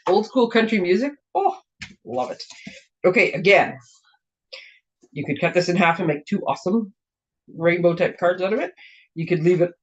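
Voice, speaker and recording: A slightly hoarse woman hosting a casual card-making demonstration, chatty and rambling, often breaking off mid-sentence. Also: lowish voice. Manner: chatty, rambling, self-interrupting. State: slightly hoarse, clearing her throat. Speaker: craft demonstrator and show host. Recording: dull lo-fi recording.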